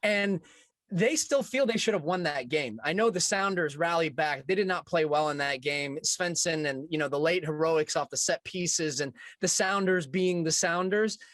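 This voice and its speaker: Male soccer pundit, fairly high voice, dry close sound, loose and joking on a panel show. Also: fairly bright tone, no echo. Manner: chatty, quick to joke. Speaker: soccer analyst. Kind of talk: casual panel discussion.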